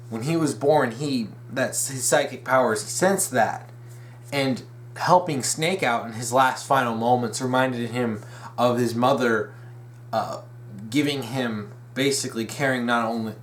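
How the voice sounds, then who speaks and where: A man's voice: mid-range voice, unhurried, slight background noise. A young man hosting a casual fan commentary video, rambling, restarting his sentences and correcting himself with eager, opinionated enthusiasm. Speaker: video essay host.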